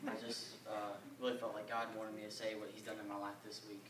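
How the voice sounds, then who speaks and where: A young man giving an earnest, halting church testimony full of fillers. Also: fairly low pitch, monotone, noisy background. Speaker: youth camper giving a testimony. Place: church or camp meeting hall. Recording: echoey hall, mic at a distance.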